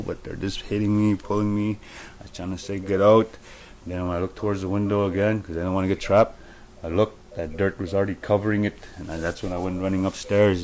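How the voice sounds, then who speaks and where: Low-voiced man recounting a vision earnestly. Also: a little mellow, a little hiss or hum. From Manitoba, Canada. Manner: earnest, halting, repeats himself as he recounts. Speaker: storyteller sharing a vision. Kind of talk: personal testimony.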